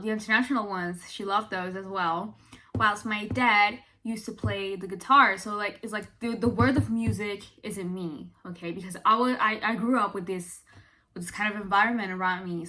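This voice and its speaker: Young female vlogger, from Italy, expressive chatter, bright tense tone. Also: mid-range voice. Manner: expressive, chatty, many fillers. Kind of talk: casual chat to camera.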